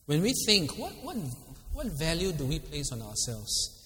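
A man's voice: on the high side, wildly swooping pitch, normal speed, pushed and bright, faint music behind. A middle-aged man with a Singaporean English accent, preaching in a casual, chatty way, laughing often and asking listeners by name. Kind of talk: casual sermon with questions to the congregation. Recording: long hall reverb.

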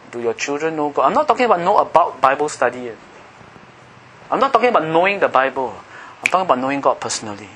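Singaporean English male preacher, middle-aged, high-pitched, fervent and loud at peaks, faint noise behind. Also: rough recording. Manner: impassioned, shouting at times. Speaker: pastor. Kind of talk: sermon.

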